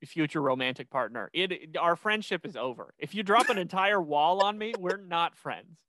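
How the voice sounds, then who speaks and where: A young man hosting a podcast, recapping an episode in casual chat with lots of restarts and an animated delivery. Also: fairly high pitch, moderate pace, dry recording. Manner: rambling, many restarts, animated. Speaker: podcast host.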